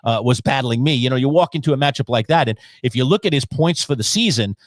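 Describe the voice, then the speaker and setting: A man co-hosting a casual fantasy football talk show, telling stories animatedly and acting out his own yelling. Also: mid-range voice, quick pace, no room sound. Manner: animated storyteller who acts out his own shouting. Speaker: podcast co-host.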